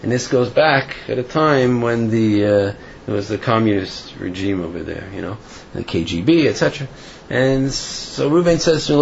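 A man's voice: mid-range voice, expressive, moderate pace, vocal fry. A man teaching an informal Torah class, talking in a chatty storytelling way with fillers. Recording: dull lo-fi recording with faint noise.

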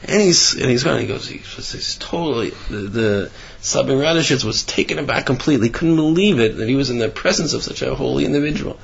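A man giving a Torah class sermon with animated storytelling, rising in pitch for emphasis. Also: fairly quick, vocal fry, breathy edge, lo-fi sound. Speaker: religious teacher.

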